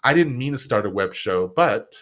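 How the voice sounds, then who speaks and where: A man, a guest on a live stream show, chatting casually and acting out the quotes in his stories. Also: moderate pace. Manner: animated storyteller, acts out quotes with big pitch jumps. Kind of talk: casual interview chat. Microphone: live stream setup.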